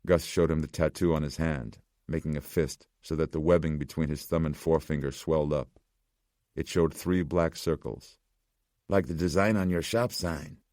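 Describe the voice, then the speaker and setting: Man reading in an extremely deep voice. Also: creaky, warm tone, dry recording, studio quality. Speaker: audiobook narrator. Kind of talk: scripted narration.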